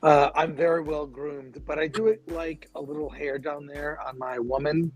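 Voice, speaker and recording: A man's voice: on the high side, flat delivery, moderate pace, a crowd in the background, low-quality recording. A man answering as a game contestant, cocky and joking in casual banter.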